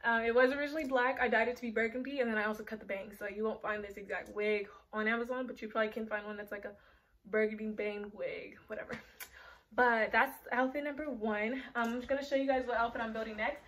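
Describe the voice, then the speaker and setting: Young woman, slightly high voice, casual fashion vlog, rambling, filler words, a bit out of breath. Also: fairly even intonation, fast talker, a bit bright. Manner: rambling, chatty, lots of filler likes. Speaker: fashion vlogger. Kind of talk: casual chat to camera. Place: bedroom.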